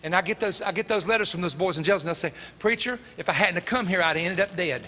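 A man's voice: sits high, fast talker, bright, forceful tone. A middle-aged man with a Tennessee Southern accent preaching, telling a folksy, emphatic story and acting out the dialogue. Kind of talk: storytelling sermon. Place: church sanctuary. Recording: long hall reverb.

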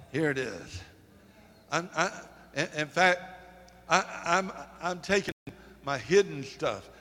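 A man delivers a sermon in a slightly high voice, his words hanging in the long reverb of a church hall. He swings between loud, emphatic declarations and quiet, faltering asides full of repeated words. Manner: rising to emphatic peaks, dropping to quiet confessional asides; repeats words in false starts. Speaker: pastor.

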